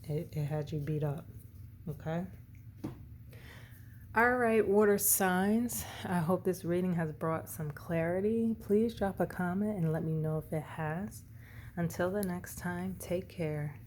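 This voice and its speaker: A woman's voice: on the low side, measured pace, a little mellow, slight background noise. A woman doing a casual tarot reading, rambling and often correcting herself. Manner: rambling, self-correcting, tongue-tied. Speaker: tarot reader.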